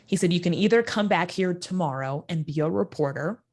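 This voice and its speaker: A woman guest in an interview telling a personal story, acting out the quoted voices with sudden jumps in pitch. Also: fairly quick, darkish tone.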